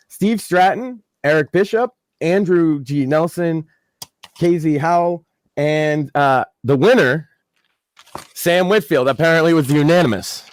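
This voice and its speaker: A man with a slightly high voice reads out mock award nominees in a deadpan, casual tone, often with filler sounds. The sound is dry and close, with no room echo. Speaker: podcast co-host. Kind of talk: reading out a mock award show.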